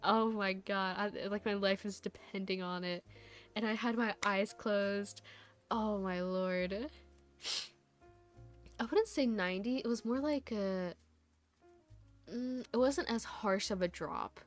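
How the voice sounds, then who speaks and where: A woman's voice: mid-range voice, slow pace, pauses often, faint music behind. A woman VTuber chatting casually to her stream viewers, rambling through a story with lots of laughs and fillers.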